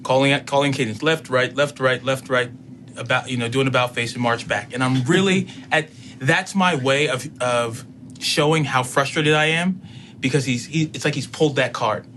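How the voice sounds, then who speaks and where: A man in his thirties, a councilman and student, telling a personal story in an interview in a measured way, quoting what was said. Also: medium pitch, fairly bright tone, slight background noise. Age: 30s. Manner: measured, recounting events with quoted dialogue.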